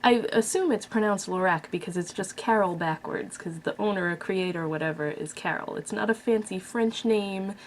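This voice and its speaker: A woman's voice: mid-range voice, moderate pace, hardly any pauses, slight background noise. A woman vlogger casually reviewing a makeup palette, chatty and blunt with frequent fillers. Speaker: beauty vlogger.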